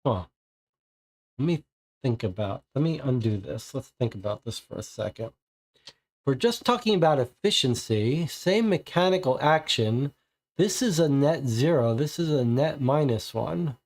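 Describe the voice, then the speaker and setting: A man playing a solo board game on stream, narrating the cards and then deliberating out loud. His voice sits at an average pitch, and he talks his choices through to himself. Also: animated, moderate pace. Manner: deliberating, muttering options to himself. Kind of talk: reading card text and thinking aloud during solo play.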